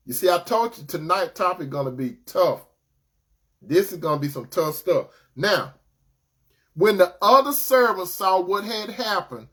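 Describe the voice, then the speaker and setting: High-voiced man preaching a sermon. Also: fairly bright tone, husky. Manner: conversational preaching, addresses listeners as brother and sister.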